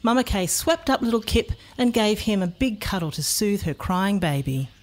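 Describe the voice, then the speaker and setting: A woman narrating a children's storybook in an expressive, playful manner. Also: mid-range voice, normal speed.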